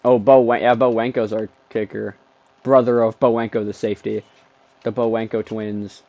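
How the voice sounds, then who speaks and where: Excitable gamer guy on a dull mic. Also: on the low side, normal speed. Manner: excitable, talks trash at the game, bursts into shouts. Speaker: gaming streamer. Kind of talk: let's play commentary.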